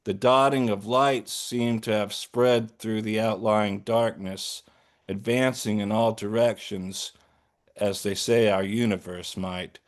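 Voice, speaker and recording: A man reading his own short story aloud in a measured, deliberate way. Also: fairly low pitch. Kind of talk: literary reading.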